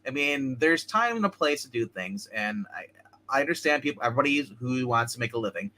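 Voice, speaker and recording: A fast-talking man co-hosting a livestream, his pitch swinging widely as he goes. His voice has a bright, forceful edge, and he stumbles and restarts his sentences constantly. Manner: quick, animated, stumbling restarts. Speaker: livestream co-host. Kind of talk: casual livestream chat.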